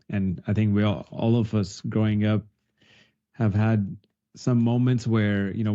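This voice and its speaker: Slow, low-voiced male interview host. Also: warm tone, lo-fi sound. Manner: hesitant, with many fillers. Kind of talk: interview hosting.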